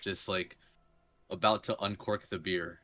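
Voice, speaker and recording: A man's voice: low-pitched, steady tone, unhurried, fairly bright tone. A man at a tabletop game, chatting casually with a joking, wry manner. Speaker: player.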